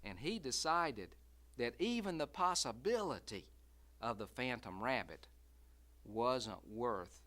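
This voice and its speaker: A man's voice: medium pitch, animated, pushed and bright. A man storyteller telling a folksy tale, building suspense by drawing out and repeating phrases. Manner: drawn-out, repetitive suspense building.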